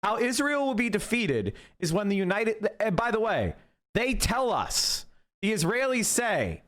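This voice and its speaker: A man's voice: high voice, very animated, a little slow, fairly bright tone. A man giving a heated, profane political rant as a streamer, mocking and combative.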